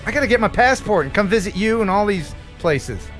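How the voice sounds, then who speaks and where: An American man hosting a casual livestream chat, jokey and quick to laugh. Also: high-pitched, faint music behind. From United States. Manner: jokey, laughs often, animated. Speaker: host.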